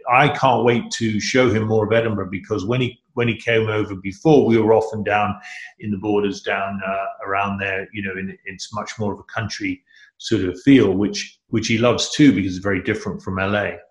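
A man's voice: lowish voice, fairly even intonation, normal speed, reverberant. A middle-aged man chatting as an interview guest, rambling and enthusiastic, often restarting his sentences. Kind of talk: casual interview chat.

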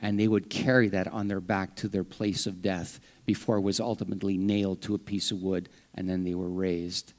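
A man preaching a sermon in a conversational style, with humorous asides, acting out the lines he quotes with sudden rises and drops in pitch and volume. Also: little pitch movement, fairly quick, hardly any pauses, darkish tone. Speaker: pastor.

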